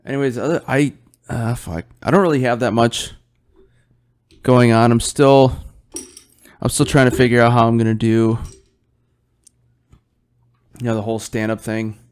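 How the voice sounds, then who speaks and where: A man's voice: mid-range voice, steady tone, normal speed, long pauses, darkish tone, smooth. A young man hosting his own podcast, chatting casually and rambling while he drinks beer, swearing often and yawning. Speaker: podcast host.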